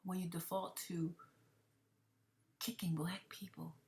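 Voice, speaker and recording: A woman with a lowish voice talks through an emotional commentary to her viewers. She often drops to a whisper and circles back to repeat her points. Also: level tone, takes it slowly, gravelly, a little mellow. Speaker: commentary vlogger.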